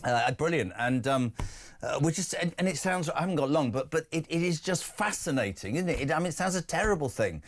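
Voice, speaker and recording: A man's voice: fairly high pitch, expressive, brisk. A man with a British accent hosting a breakfast radio talk show, opinionated and rambling, often restarting his sentences. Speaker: radio host.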